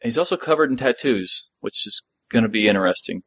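A man's voice: fairly low pitch, lively intonation, a little fast, a bit bright, slightly rough, dry recording. A man co-hosting a podcast, chatting in an enthusiastic, laid-back way about a show he is a fan of. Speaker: podcast co-host. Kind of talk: casual chat.

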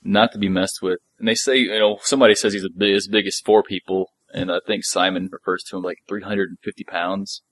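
A man's voice: sits low, steady tone, fairly quick, few pauses, fairly bright tone, no echo. A man co-hosting a podcast, chatting in an enthusiastic, laid-back way about a show he is a fan of. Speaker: podcast co-host. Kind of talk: casual chat.

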